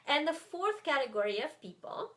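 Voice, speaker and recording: A woman's voice: sits high, big pitch swings, normal speed. A woman with a French accent teaching as a language tutor in a live webinar, chatty and full of fillers and restarts.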